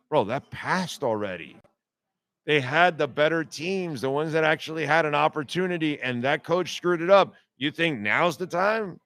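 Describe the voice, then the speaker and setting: A man's voice: on the high side, moderate pace, fairly bright tone, no room sound. A man hosting a sports radio show, ranting bluntly and profanely in a heated, repetitive monologue.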